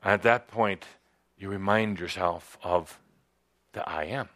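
Slow, halting man teaching a spiritual workshop. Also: sits low, fairly bright tone. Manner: halting, hesitant with many pauses and fillers. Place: studio with a live audience.

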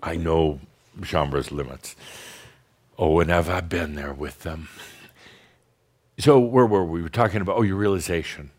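A man giving a channeled spiritual talk to an audience, blunt and teasing, slowing down to guide deep breaths. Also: darkish tone. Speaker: spiritual teacher channeling a master.

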